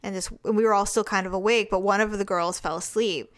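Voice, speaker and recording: A woman's voice: mid-range voice, fast. A middle-aged woman co-hosting a casual podcast, telling stories and reading listener letters aloud with lots of laughter. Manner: laughs often, animated storytelling with acted quotes. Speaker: podcast co-host.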